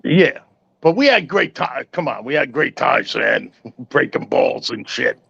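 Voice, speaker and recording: A man's voice: medium pitch, animated, a little slow, vocal fry, a bit bright, husky, dry recording, dull audio. An older man chatting casually as a guest, nostalgic and rambling, often calling people "man.". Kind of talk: casual chat.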